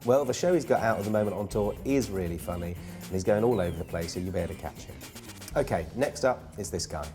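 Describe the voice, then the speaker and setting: A man's voice: on the low side, lively intonation, quick pace, over music. A man hosting a comedy gig guide in a playful, self-mocking way, wandering off into rambling asides. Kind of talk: jokey scripted presenting.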